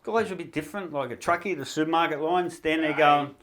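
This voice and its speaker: A man's voice: a little high, fast talker, fairly bright tone. An Australian man doing a stand-up comedy routine, reeling off puns and laughing at his own jokes.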